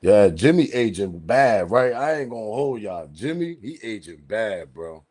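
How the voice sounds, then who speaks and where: A man hosting a casual livestream, reading the chat and talking in relaxed slangy street speech, his voice leaping high when he quotes himself. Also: unhurried. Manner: animated, laughing, slangy street talk, pitch jumps high when quoting himself.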